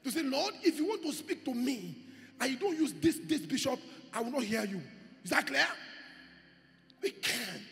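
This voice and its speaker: A male pastor preaching a sermon with emphatic delivery, rising to shouts and acting out quoted voices. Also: very high voice, expressive, moderate pace, vocal fry. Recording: reverberant hall with faint music.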